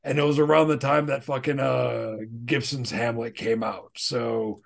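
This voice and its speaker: Gravelly-voiced guy on a podcast, rambly and sweary, mid pitch. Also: level tone, unhurried. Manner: profane, rambling storytelling. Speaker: podcast co-host. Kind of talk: casual chat.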